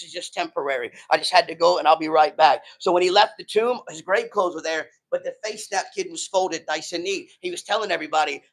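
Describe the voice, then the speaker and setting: A man's voice: high-pitched, a bit bright, rough recording. A man preaching a sermon in a loose, slangy way, retelling stories with quoted voices. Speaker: pastor.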